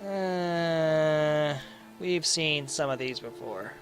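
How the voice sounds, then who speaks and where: Man, casual gameplay commentary, playful, bright voice, slow. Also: fairly high pitch, expressive, soft background music. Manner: playful, jokey, reading game text aloud. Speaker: gaming video host.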